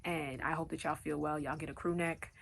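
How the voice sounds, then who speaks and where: Low gravelly-voiced young woman vlogging. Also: fairly even intonation, fairly quick. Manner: chatty, loose, filler-heavy. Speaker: vlog host. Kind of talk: casual Q&A vlog.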